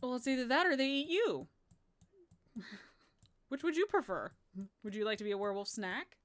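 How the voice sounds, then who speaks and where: A woman's voice: high-pitched, animated, moderate pace, pitched above the performer's own voice. Woman voicing a gracious fairy-tale queen. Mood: teasing.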